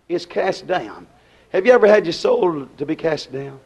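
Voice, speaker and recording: A man preaching a sermon, swinging between loud rising lines and low quiet ones and repeating his phrases. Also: expressive, normal speed, slightly rough, dull audio. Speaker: pastor.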